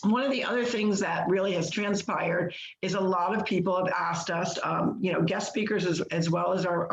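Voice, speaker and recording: A woman's voice: on the low side, gravelly, roomy sound, lo-fi sound. A woman co-host of a podcast speaking earnestly and at length, with many fillers and restarts. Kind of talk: reflective monologue.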